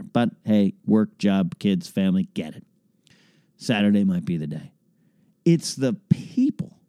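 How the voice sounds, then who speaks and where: A man's voice: mid-range voice, dark tone, no echo, studio quality. A man hosting a podcast, chatting casually through listener questions in a rambling, wry way that often breaks off and restarts. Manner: rambling, self-interrupting and wry. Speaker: podcast host.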